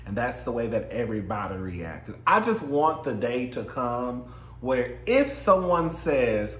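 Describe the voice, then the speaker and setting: A man's voice: medium pitch, a little slow, a bit bright, roomy sound, a little hiss or hum. A man casually recapping a reality show, sassy and profane, laughing often and mimicking the cast. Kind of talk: casual chat.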